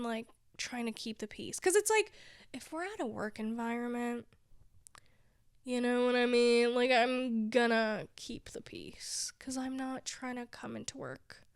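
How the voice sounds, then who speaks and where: A woman's voice: a little high, creaky, dry recording, studio quality. Rambling, weary woman podcaster. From big city. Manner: rambling, self-deprecating, laughs often. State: discouraged and close to tears. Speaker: podcast host. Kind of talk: casual solo podcast monologue.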